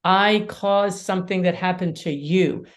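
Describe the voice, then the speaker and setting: Animated woman mediator, low voice. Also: unhurried. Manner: animated storyteller, acts out quotes. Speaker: mediator and lawyer, podcast guest. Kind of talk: casual conversation.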